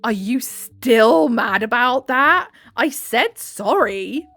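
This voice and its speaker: A woman's voice: fairly high pitch, animated, slow pace, a bit bright, heavily acted. A woman voicing a hostile, overbearing middle-aged mother-in-law who scolds and pities herself, in a storybook reading. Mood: sulky. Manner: indignant, scolding, self-pitying.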